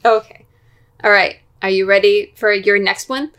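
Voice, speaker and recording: A woman co-hosting a casual podcast, quizzing her partner on song lyrics, teasing and reading lines slowly. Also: mid-range voice, a bit bright, smooth. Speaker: podcast co-host. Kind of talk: casual chat, lyric guessing game.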